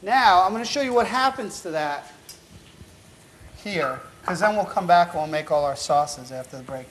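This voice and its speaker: A man's voice: high voice, animated, normal speed, fairly bright tone, a little hiss or hum, poor audio. A man hosting a cooking show, giving upbeat, chatty step-by-step instructions with an encouraging, teasing manner. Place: show kitchen at the stove.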